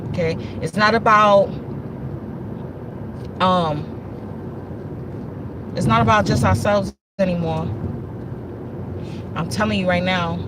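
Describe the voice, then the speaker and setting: Slowly and with long pauses, a woman hosting a livestream talks casually about spiritual matters, speaking emphatically and repetitively to her viewers. Her voice is lowish, and background noise can be heard.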